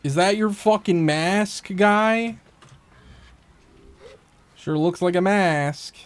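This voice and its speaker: A man's voice: high voice, very slow, clean tone. A man streaming a game, chatting casually, swearing a lot and talking to the characters on screen, with faint game music behind. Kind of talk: casual gameplay commentary.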